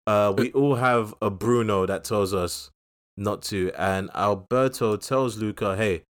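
A man's voice: fairly low pitch, measured pace, clear, resonant tone. A man co-hosting a casual podcast, chatting about films in a rambling, jokey way with many restarts. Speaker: podcast co-host. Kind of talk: casual podcast film chat.

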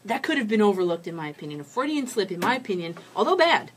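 A woman's voice: medium pitch, very animated, rapid-fire, a little hiss or hum. A woman hosting a sports talk show, reading sports news and giving heated, opinionated commentary.

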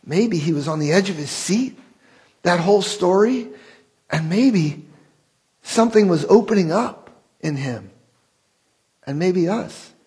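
A man's voice: high voice, lively intonation, unhurried, long pauses, darkish tone, slightly rough, low-quality recording. A man preaching a sermon as pastor, earnest and building to impassioned rhetorical questions.

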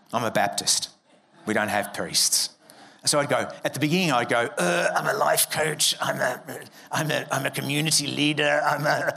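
A man's voice: mid-range voice, gravelly, pushed and bright, slightly rough. A man preaching a sermon as a pastor, conversational and joking, acting out quoted voices. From Australia.

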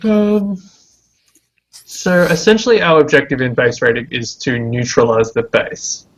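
A man's voice: mid-range voice, steady tone, unhurried, fairly bright tone, rough recording. A man playing a tabletop game, describing his character's actions and asking questions in casual chat. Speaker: player.

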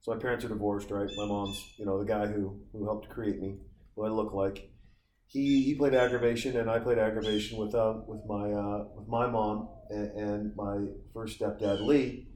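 His delivery is flat and his voice lowish and a little mellow, at normal speed with slight background noise. He's a Montana man in his forties, outside on a summer vacation, telling profane stories that wander from tangent to tangent, in a roomy recording with faint ambience.

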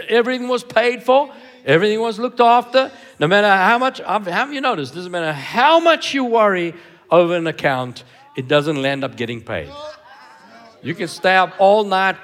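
Emphatic male pastor, lively pitch. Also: normal speed. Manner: emphatic, repeats words for stress, asks the congregation questions. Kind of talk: sermon. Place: church hall.

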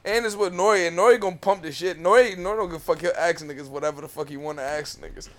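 A man's voice: on the high side, rapid-fire, a bit bright. A man co-hosting a podcast in casual chat, laid-back, cursing and full of slang. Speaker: podcast co-host.

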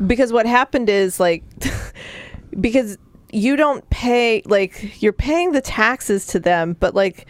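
A woman's voice: on the high side, expressive, slow. A woman co-hosting a casual book chat, blunt and opinionated, with lots of fillers. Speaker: book podcast co-host.

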